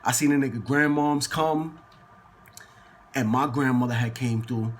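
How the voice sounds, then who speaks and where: A man's voice: medium pitch, a little slow. A man telling a casual story in slangy, profane street talk, acting out the people in it. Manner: slangy and profane, acts out quoted people in lively bursts.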